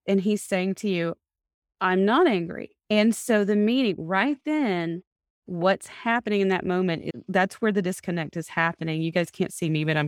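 A woman with a fairly low-pitched voice hosts a podcast as a couples therapist, coaching a couple step by step and repeating back what she hears from them. The recording is dry and studio quality.

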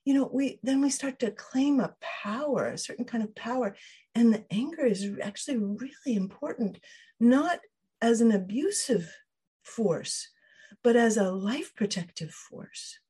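Slightly high with lively intonation, this woman's voice is warm with a breathy edge, and she talks a little slowly. She's an emotional wellbeing trainer appearing as a guest on an interview podcast, working through ideas carefully with frequent restarts and quoted inner voices.

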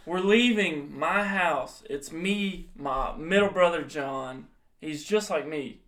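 A man's voice: fairly high pitch, slow, fairly bright tone. A young man casually telling a profane story to friends on a podcast, laughing as he goes. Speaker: podcast co-host.

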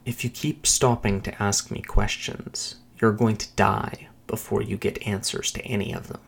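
A woman's voice: extremely low pitch, fairly even intonation, moderate pace, gravelly, breathy edge, full character voice. A man voicing a tough young woman, clipped and urgent. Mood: urgent hiss. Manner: clipped, hushed commands.

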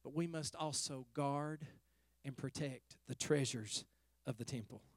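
A middle-aged male pastor preaching a sermon, telling a story softly and then rising to fervent exhortation. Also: mid-range voice, a little slow, no room sound. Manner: storytelling, swings from hushed to fervent.

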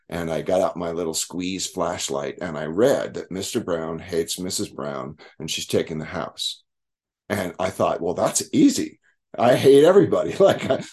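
A man with a fairly low voice tells his own recovery story to a group. He speaks candidly and with plenty of profanity, and he acts out the people he quotes. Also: a little mellow.

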